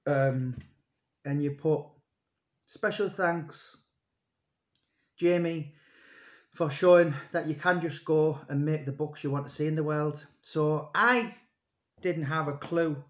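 A man in his thirties speaks in a slightly high voice, rambling through a casual monologue to camera. He is an author and publisher, talking loosely with lots of ums and restarts. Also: steady tone, slow, pauses often. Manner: rambling, conversational, many fillers and restarts.

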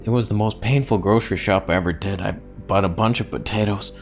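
Man, lowish voice, casual vlog, in back pain, self-mocking, faint background music. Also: fast, creaky. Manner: rambling, self-mocking storytelling. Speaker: vlogger.

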